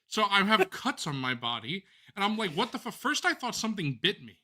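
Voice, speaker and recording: A man co-hosting a live stream, telling a long story in a casual, animated and profane way. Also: sits high, brisk, a crowd in the background. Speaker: co-host.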